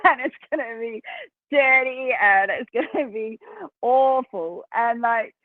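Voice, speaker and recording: A woman with an Australian accent, a podcast guest telling stories in a chatty, animated way and laughing between phrases. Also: fairly high pitch, slow, dry recording. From South Australia. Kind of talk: casual interview storytelling. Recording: tinny phone line, dry.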